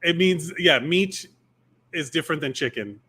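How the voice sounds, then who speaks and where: Man, bright tone, slightly high voice, rambling casual podcast chat. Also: moderate pace, slightly rough. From Miami, USA. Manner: rambling, lots of fillers and restarts. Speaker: podcast co-host.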